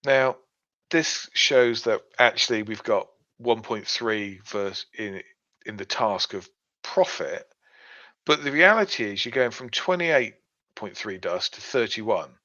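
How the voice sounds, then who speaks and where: A podcast co-host explains things step by step in a casual chat, using plenty of fillers. His fairly low voice is animated and slow, with a bright, forceful tone, and the recording sounds dull and lo-fi.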